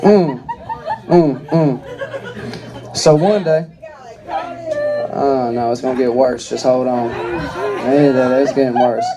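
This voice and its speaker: A man's voice: medium pitch, slow pace, long pauses. A man performing stand-up comedy, telling crude, rambling stories. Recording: live comedy club crowd.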